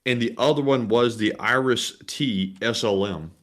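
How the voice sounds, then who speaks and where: A man's voice: medium pitch, unhurried, fairly bright tone. Easygoing male co-host reading messages. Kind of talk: casual livestream chat.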